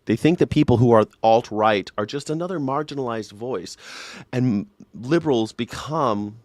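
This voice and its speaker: A man's voice: medium pitch, normal speed, darkish tone, no room sound. Profane male host in a sarcastic rant, dry close sound. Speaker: live show host. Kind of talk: ranting reaction commentary.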